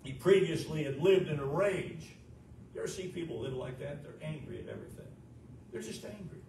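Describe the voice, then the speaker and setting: A man's voice: a little high, wildly swooping pitch, a little fast, gravelly. A man pastor preaching a sermon, emphatic, asking the congregation questions. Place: church sanctuary. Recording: echoey room, distant mic, noisy.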